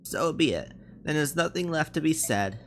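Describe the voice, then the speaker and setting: A woman putting on the tired voice of an older male army captain, calm and fatherly. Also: deep voice, a little hiss or hum, pitched above the performer's own voice. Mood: grave. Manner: tired, measured. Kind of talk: reading game dialogue aloud.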